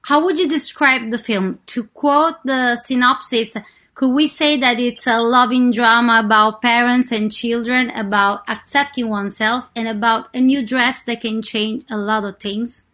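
A woman's voice: a little high, fairly even intonation, measured pace, pushed and bright. A woman interviewing a filmmaker for a festival radio, asking curious, prompting questions.

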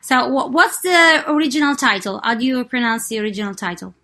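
A woman's voice: on the high side, fairly quick, sharp tone. A woman interviewing a filmmaker for a festival radio, asking curious, prompting questions.

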